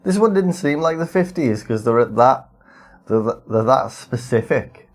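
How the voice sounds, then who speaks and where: A man's voice: medium pitch, lively intonation, moderate pace. A man co-hosting a podcast, recapping a show in casual chat with a dry, teasing manner. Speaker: podcast co-host.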